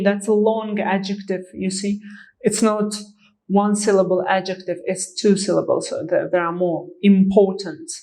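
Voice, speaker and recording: A woman teaching English whose first language is Azerbaijani, talking at a very slow, deliberate pace. She explains grammar patiently, says each example word more than once and checks that learners follow. Her pitch sits in a middling range. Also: a little mellow, low-quality recording. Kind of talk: online grammar lesson.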